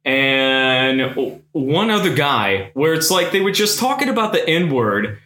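Animated, sarcastic man in an echoey room. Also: on the high side, slow pace. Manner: animated, profane, reads articles aloud with sarcastic asides. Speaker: podcast co-host. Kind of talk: casual podcast chat. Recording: roomy echo.

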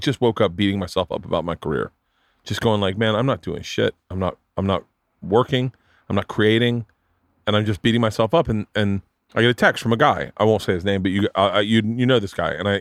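Profane rambling comedian host. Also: male voice, lowish voice, no room sound, studio quality. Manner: profane, rambling, animated storyteller who acts out quotes. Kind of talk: casual storytelling chat.

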